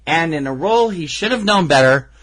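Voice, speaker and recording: A man co-hosts a casual movie review chat, joking as he goes. His voice is bright and tense, and his pitch moves around a lot. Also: animated, brisk. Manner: joking, reads cast lists aloud. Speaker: podcast co-host.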